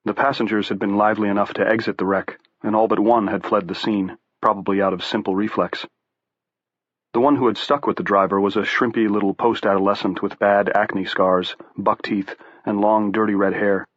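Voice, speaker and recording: A man with a lowish voice narrates a horror audiobook at a measured storytelling pace. The sound is dry and close, with muffled highs and no room around it. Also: dry recording. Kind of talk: scripted narration.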